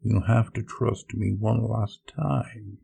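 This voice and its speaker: A man voicing a calm, smug, scheming mad scientist who speaks softly and slowly, with a gravelly edge. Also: lowish voice, full character voice. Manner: soft, slow and smug.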